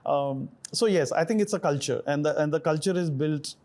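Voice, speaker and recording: A man's voice: on the high side, fairly quick, darkish tone. A middle-aged man from India, a chef answering interview questions thoughtfully with many fillers and restarts.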